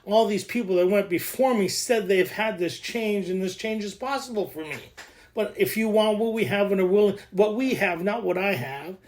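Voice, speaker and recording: High-voiced excitable man teaching. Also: moderate pace. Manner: joking, excitable, laughs often. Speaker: recovery workshop speaker. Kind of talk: animated teaching talk.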